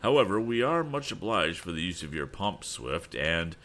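A man voicing a proud, puzzled middle-aged banker who speaks formally and haltingly. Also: sits low, very animated, a bit bright. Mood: stiff.

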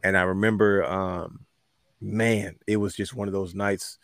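A man hosting a casual podcast chat, heartfelt and unhurried, with many fillers and pauses. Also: sits low, steady tone, vocal fry, no echo, clean studio sound. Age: adult with a young son. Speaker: podcast host.

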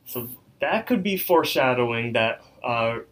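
A man's voice: mid-range voice, lively intonation, measured pace. A young man co-hosting a podcast, chatting casually as he recaps a cartoon episode, with lots of likes and ums. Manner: loose recapping with many fillers. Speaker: podcast co-host.

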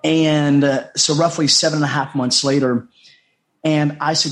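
Middle-aged guy from the us, fairly high voice, heartfelt storytelling as a podcast guest, repeats himself a lot. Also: fairly even intonation, moderate pace. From United States. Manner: heartfelt, repetitive, acts out quoted dialogue. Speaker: podcast guest, life coach. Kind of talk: earnest personal storytelling.

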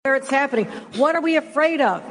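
A woman's voice: high-pitched, lively intonation, fast. A woman politician giving an earnest, emphatic speech at a press conference. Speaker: governor. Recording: reverberant hall.

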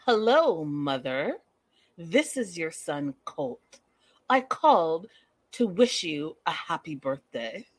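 A woman voicing a stiff, oddly formal young man who calls his mother, speaking slowly and eerily politely. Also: deep voice, very animated, no echo, exaggerated voice.

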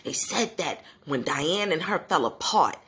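Woman, 40s, low-pitched podcast host, gossipy animated storyteller. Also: a little slow. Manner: animated, gossipy, talks straight to her listeners. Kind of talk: casual solo podcast storytelling.

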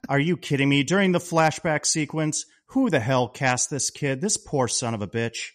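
Excitable man swearing through film chat. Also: medium pitch, moderate pace. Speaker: podcast co-host.

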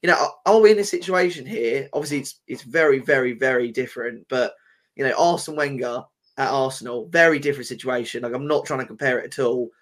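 A man's voice: medium pitch, fast, fairly bright tone. A man from England co-hosting a casual football podcast, ranting as a frustrated fan and swearing. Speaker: podcast co-host.

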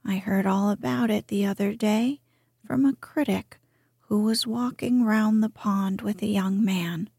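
A woman's voice: medium pitch, measured pace, vocal fry, darkish tone, slightly rough, dry recording, clean studio sound. Woman whispering a pompous water rat, whispered role-play.

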